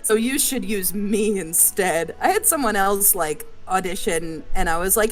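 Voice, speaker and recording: A woman voice actor chatting on a casual live stream, telling stories quickly and laughing often. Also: mid-range voice, soft background music. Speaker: voice actor and casting director.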